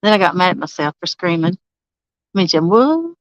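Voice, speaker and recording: Lady livestreaming from her campsite, smooth clear voice, dry close sound, laughs a lot. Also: on the low side, steady tone, a little fast, no echo, muffled recording. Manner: chatty, laughs often, greets viewers by name. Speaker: livestreaming angler. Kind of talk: casual live-stream chat. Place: campsite outdoors.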